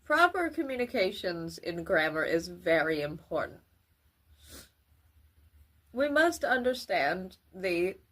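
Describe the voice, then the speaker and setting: A woman giving a grammar lesson for children, with careful, formal wording and deliberate delivery. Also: on the low side, fairly bright tone. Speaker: teacher.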